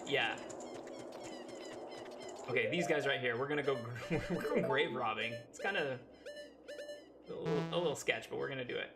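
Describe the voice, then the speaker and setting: A man's voice: mid-range voice, lively intonation, moderate pace, long pauses, over music. A man streaming a game and chatting casually with his audience, reading chat aloud and laughing often. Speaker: language teacher.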